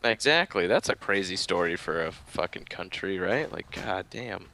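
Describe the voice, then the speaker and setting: A man's voice: low-pitched, expressive, normal speed, pushed and bright, slight background noise. A man co-hosting a podcast in casual chat, talking loosely, swearing and laughing readily. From United States. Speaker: podcast co-host.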